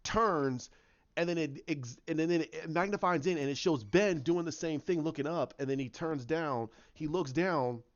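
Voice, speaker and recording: A man's voice: fairly high pitch, normal speed, muffled recording. A man casually talking through a story idea, rambling with lots of restarts and acted-out bits. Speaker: fan commentator.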